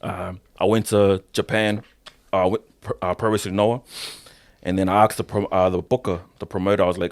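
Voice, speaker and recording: Low-voiced New man, slangy and sweary. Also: flat delivery, a little fast. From New Zealand. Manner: loose slangy talk, swears often, says "bro". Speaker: professional wrestler, podcast guest. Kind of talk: casual interview storytelling.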